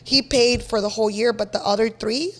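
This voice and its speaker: A woman from with a fairly high voice. She tells her stories as a guest in a casual interview, brash and full of swearing. She mixes in Spanish words as she goes. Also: a little fast, noisy background. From East Los Angeles. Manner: brash, profane, animated storyteller mixing in Spanish words. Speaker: podcast guest.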